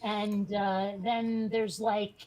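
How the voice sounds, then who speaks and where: Speaking very slowly with a flat delivery, a woman co-host of a casual podcast rambles chattily, full of fillers and restarts. Her mid-range voice is a little mellow, and she is from a Catholic Italian family.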